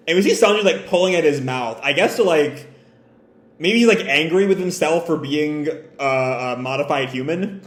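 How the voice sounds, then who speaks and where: A man casually reading through a comic chapter and commenting on it, animated and swearing now and then. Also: a little high, normal speed. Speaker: comic reader and reviewer. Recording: roomy echo.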